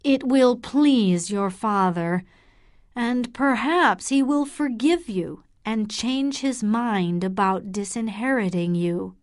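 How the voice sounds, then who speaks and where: A woman's voice: fairly high pitch, slow pace, no room sound, clean studio sound. A woman reading the lines of a persuasive young male suitor in a coaxing, reassuring way.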